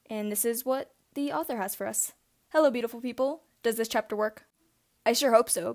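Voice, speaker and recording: A woman reading a fan story aloud with gentle expression. She narrates steadily at a middling pitch and slips small voices into the dialogue. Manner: gently expressive, shifting for each character. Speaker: fanfiction reader.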